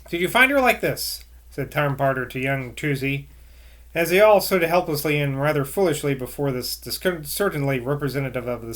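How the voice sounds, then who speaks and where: A man reading a novel aloud nightly, adding casual asides between passages. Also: mid-range voice. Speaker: reader.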